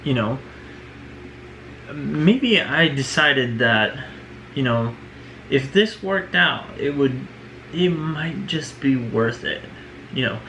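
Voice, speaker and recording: Slow, earnest man with a gravelly voice. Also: mid-range voice, expressive, pushed and bright, slight background noise, rough recording. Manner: earnest, full of "you know" and "right?". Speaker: vlogger. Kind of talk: personal reflective monologue.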